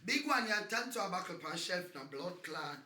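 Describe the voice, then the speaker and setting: A Jamaican woman on a livestream, taunting and cursing loudly, often breaking into shouts. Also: fairly low pitch, sing-song, fairly quick. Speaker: social media personality. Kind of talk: livestream rant.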